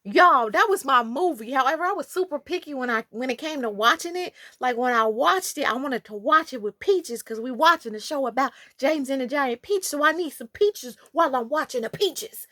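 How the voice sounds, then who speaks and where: A woman's voice: sits high, normal speed, few pauses, no echo, studio quality. Young woman, storytime vlogger, bouncy melodic delivery. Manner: animated, playful, talks straight to viewers. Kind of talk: casual storytime.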